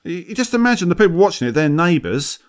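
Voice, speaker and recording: Brit podcast co-host, slightly higher voice, animated mocking rants. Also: male voice, fast. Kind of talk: casual comedic chat.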